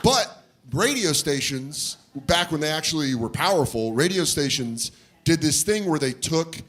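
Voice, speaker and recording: A middle-aged man doing a stand-up comedy routine, loud and animated, breaking into shouted put-on voices. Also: fairly high pitch, measured pace. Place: comedy club stage before a laughing audience. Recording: live club recording with crowd noise.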